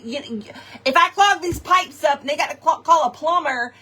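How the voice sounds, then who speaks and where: A woman telling a funny personal story to her viewers in a chatty, animated way, tossing in "y'all" and "okay" often. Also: high voice, moderate pace. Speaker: craft shop host.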